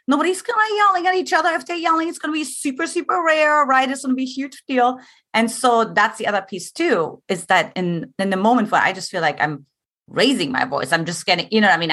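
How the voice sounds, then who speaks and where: A woman's voice: high voice, a bit bright. A woman co-hosting a casual conversation, chatty, with many fillers. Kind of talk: casual chat.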